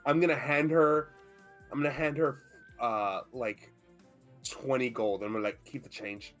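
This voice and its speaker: A man's voice: mid-range voice, fairly even intonation, normal speed, fairly bright tone, faint music behind. A man playing in a tabletop game, talking hesitantly with many fillers as he describes his actions. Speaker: player. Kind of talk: tabletop role-play chat.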